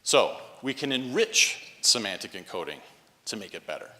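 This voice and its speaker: A man lecturing in a university hall, his bright voice ringing with a long echo. He talks with lively ups and downs, tags points with quick checks, and coaxes replies from the room. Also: on the low side. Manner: animated, frequent "right?" tags, coaxes audience responses.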